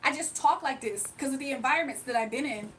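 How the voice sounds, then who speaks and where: A woman's voice: sits high, fast talker, fairly bright tone, far from the mic, slight background noise, rough recording. A woman livestreaming a card reading, ranting bluntly to her chat with repetitive rhetorical questions. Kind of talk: heated livestream rant to chat.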